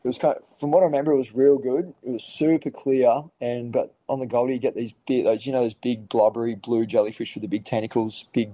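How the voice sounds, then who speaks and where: Aussie bloke yarning on a podcast, really deep mellow voice, swears a lot. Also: male voice, fairly even intonation, fast, few pauses, no room sound, low-quality recording. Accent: Australian. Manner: laid-back, swears freely, lots of fillers. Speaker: podcast guest. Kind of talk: casual storytelling.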